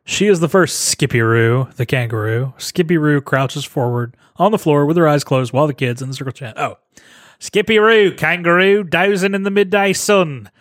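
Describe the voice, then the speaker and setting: A man's voice: on the high side, moderate pace, no room sound, studio quality, close to an everyday voice. A man putting on a playful, slangy mock Australian accent for laughs during podcast banter. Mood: sing-song reading. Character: jokey exaggerated Australian bloke, adult man.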